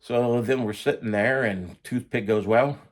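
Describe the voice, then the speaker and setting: A man's voice: mid-range voice, unhurried. A man casually telling a story about his own past, blunt and profane in a conversational way.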